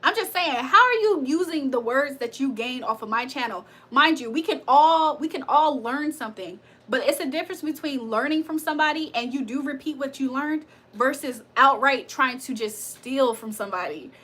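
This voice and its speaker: Bright high-voiced woman chatting on a livestream. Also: expressive, normal speed, few pauses. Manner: chatty, laughs often, swears freely. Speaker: tarot reader and livestream host. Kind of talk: casual livestream storytelling and chat.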